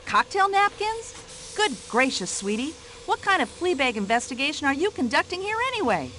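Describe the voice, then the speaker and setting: An actress playing a brash, nosy older American widow with an American accent, fussing and complaining in a game. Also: female voice, high voice, very animated, normal speed, pushed and bright, slight background noise, exaggerated voice. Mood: indignant. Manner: indignant, nosy, fussy complaining chatter. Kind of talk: video game voice acting.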